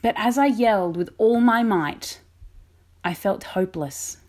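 A woman vicar giving a reflective, measured sermon. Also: mid-range voice, a little mellow.

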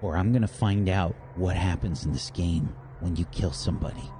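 A man's voice: low-pitched, normal speed, background noise, natural voice. A man voicing an unhinged young male killer who snarls threats. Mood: menacing.

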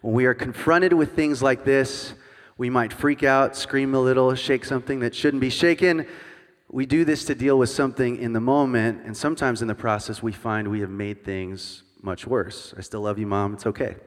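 A man's voice: mid-range voice, fairly even intonation, normal speed. Man in his thirties preaching in a reverberant hall. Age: 30s. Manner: self-deprecating, jokey asides to the congregation. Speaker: guest worship pastor. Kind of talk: sermon with humorous storytelling. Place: church sanctuary before a congregation. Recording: long reverb of a large hall.

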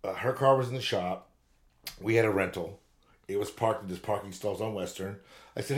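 A man in his fifties from Southern California co-hosts a podcast, speaking with a lowish, steady voice at normal speed. In casual chat, he tells long, rambling stories full of profanity.

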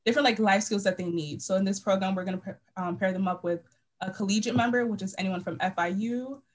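A young woman from the United States, a podcast guest, talking earnestly in a halting way with lots of fillers. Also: mid-range voice, rough recording. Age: young adult. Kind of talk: casual interview talk.

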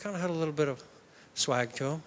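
A man preaching a sermon, telling the story in an animated way. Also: fairly high pitch, fast talker, a little hiss or hum.

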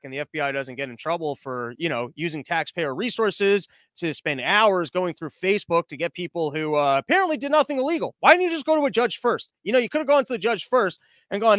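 High-voiced, sarcastic male podcast host. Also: fairly quick, dry recording, clean studio sound. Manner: sarcastic, loud, mocking. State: out of breath from pacing and yelling. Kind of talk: live-streamed podcast rant.

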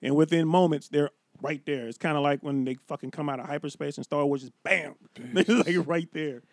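Man, fairly high voice, loose profane storyteller, podcast chat, dead dry room. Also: fairly quick, dry recording. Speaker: comedian guest.

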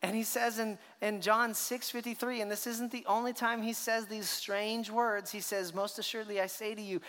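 A man's voice: sits high, level tone, moderate pace, sharp tone. A man preaching a sermon as a pastor, telling the story with rhetorical questions and acted reactions. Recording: long hall reverb.

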